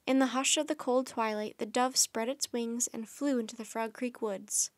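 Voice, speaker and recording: A woman hosting a children's storytime, reading a chapter book aloud in a gentle, friendly, unhurried way. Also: a little high, fairly even intonation, no echo.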